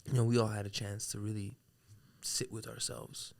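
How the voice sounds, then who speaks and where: A man as a podcast guest, talking in a relaxed, reflective way and laughing often. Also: lowish voice, normal speed, vocal fry. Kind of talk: casual chat.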